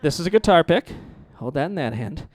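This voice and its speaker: Speaking a little high and fairly quickly, this middle-aged male pastor preaches in a relaxed, chatty style. He's lively and playful as he engages his congregation.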